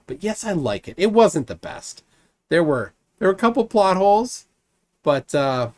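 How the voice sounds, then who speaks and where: Guy streamer rambling thru chat messages, bouncy up and down voice, lots of ums and restarts. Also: mid-range voice. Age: adult, married. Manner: rambling with frequent restarts and fillers. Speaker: streamer host reading live chat. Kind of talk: casual live-stream chat.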